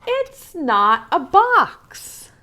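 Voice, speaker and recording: A woman voicing a small, stubborn male bunny who insists on every word, slow and emphatic. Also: very high-pitched, huge pitch swings, sharp tone, pitched above the performer's own voice, full character voice. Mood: insistent.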